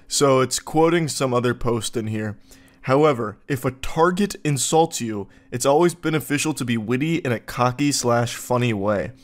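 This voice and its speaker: A man giving reaction commentary in a sarcastic, incredulous tone, often jumping into exaggerated high quips. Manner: sarcastic, incredulous, mock-puzzled. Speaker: online commentator.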